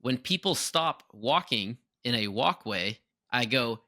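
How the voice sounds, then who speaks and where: A young man co-hosting a podcast in casual chat, animated, often breaking into exaggerated impressions. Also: mid-range voice, slow pace. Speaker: podcast co-host.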